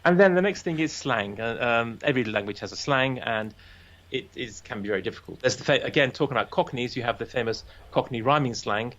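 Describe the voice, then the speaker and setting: A man's voice: mid-range voice, expressive, quick pace, fairly bright tone, muffled recording. A man chatting casually about language and slang, playfully acting out quoted voices.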